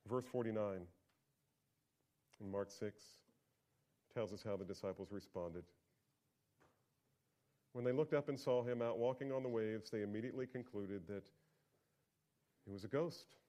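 A man preaching a sermon as pastor, talking conversationally and swinging from quiet asides to loud, emphatic peaks. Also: mid-range voice.

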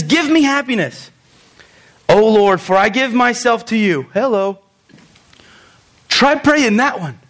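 A middle-aged man preaching with a high-pitched voice. He keeps it loose and chatty, cracking jokes and throwing in asides. He often trips over his words, restarting and repeating them. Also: a bit bright. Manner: conversational and joking, with laughs and asides. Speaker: pastor. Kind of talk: sermon.

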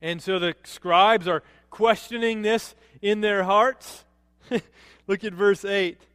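A man preaching a sermon as a pastor, animated, rising to emphatic peaks and dropping low to quote. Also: takes it slowly, clean tone, no room sound, studio quality, in a large hall.

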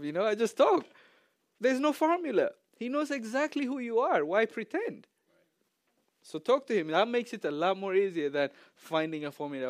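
A man's voice: high-pitched, big pitch swings, normal speed, dry recording. Chatty man preaching a casual sermon. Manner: conversational, chatty, laughs easily. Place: church.

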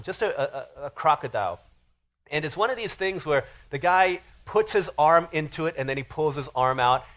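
A man preaching a sermon as pastor, telling stories in an animated, emphatic way. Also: fairly high pitch. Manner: animated storytelling with rising emphasis.

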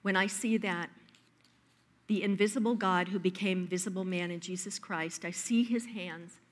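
A woman preaching a sermon, telling personal stories in a lively, emphatic way. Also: fairly low pitch, moderate pace.

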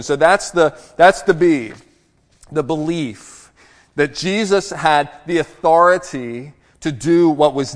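A man gives a sermon in a lively, conversational way, with the occasional self-deprecating aside. His voice sits a little high for a man, and a long reverb trails every phrase in the church sanctuary. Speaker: pastor.

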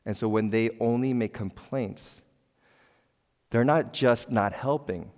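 A middle-aged man preaching a sermon as a pastor in a church. He is conversational and emphatic, asks the congregation questions and breaks into sudden loud exclamations. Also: medium pitch, takes it slowly. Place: church sanctuary. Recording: long church hall reverb.

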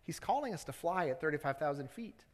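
A man's voice: on the high side, expressive, fast talker. Conversational male pastor in a reverberant church. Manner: conversational preaching, rising to fervent appeals. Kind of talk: sermon. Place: church sanctuary.

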